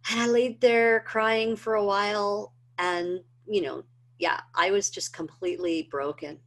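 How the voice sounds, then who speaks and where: A middle-aged woman earnestly telling a personal story, with many fillers and rising emotion. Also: fairly low pitch. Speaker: presenter of a health training video. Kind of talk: personal testimony talk.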